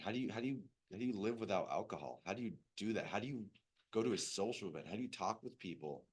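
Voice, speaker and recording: A man's voice: deep voice, lively intonation, fast talker, breathy edge. A young man sharing his recovery story in a loose, rambling way, with lots of fillers and swearing. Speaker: recovery meeting speaker. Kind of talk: personal recovery story, casual.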